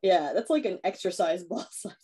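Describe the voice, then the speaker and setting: On a podcast she co-hosts, a talkative woman walks through a horror film scene by scene, dropping into the characters' lines and padding everything with fillers. Her voice is slightly low, dark and mellow with a breathy edge, and she speaks animatedly at a moderate pace.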